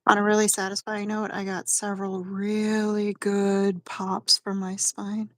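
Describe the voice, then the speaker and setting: A woman co-hosting a casual livestream with her sister, joking easily and quick to agree. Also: mid-range voice, completely flat delivery, no room sound. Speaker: co-host and sister. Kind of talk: casual live chat.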